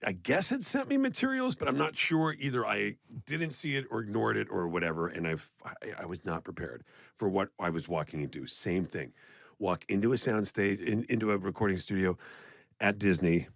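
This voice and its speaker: A man in his fifties, a podcast co-host, telling a story in a lively, swearing way. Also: lowish voice, moderate pace, creaky, dry recording, studio quality. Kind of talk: casual conversation.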